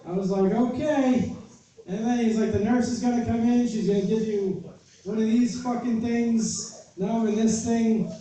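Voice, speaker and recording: A man's voice: very high-pitched, moderate pace, mellow. A man casually telling a story, profane and exasperated, acting out the people he quotes. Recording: roomy echo from far off with faint noise.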